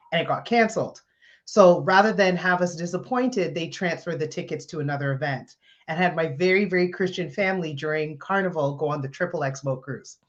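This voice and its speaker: A woman guest, a comedian, telling a funny story in conversation with lively laughter. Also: deep voice. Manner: animated, laughing as she tells the story. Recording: slightly dull lo-fi sound.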